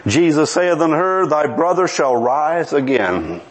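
A man's voice: unhurried, low-quality recording. A man preaching a sermon, telling scripture stories with dramatic swings and quoting the characters. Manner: animated storytelling with quoted voices; dramatic swings in pitch and pace.

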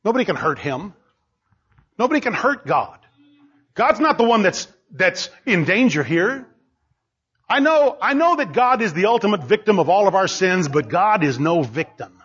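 A man preaching a sermon, driving his points home with repetition and bursts of shouting. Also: high voice, big pitch swings, moderate pace, husky. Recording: dull lo-fi recording.

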